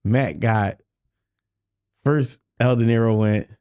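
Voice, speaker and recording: An animated man tells a rapid street story in a casual podcast chat. His voice sits in an ordinary middle pitch and is recorded dry and close, with the swearing and repeated asides of a natural storyteller. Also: smooth, dry recording. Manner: animated storyteller, swearing, repeats "you know what I mean". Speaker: guest rapper. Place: podcast studio.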